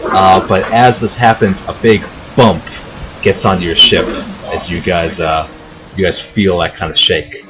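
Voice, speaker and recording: A man's voice: deep voice, steady tone, measured pace, very noisy. A man narrating a tabletop game as game master, rambling with many fillers and restarts. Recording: chatter of a crowd behind.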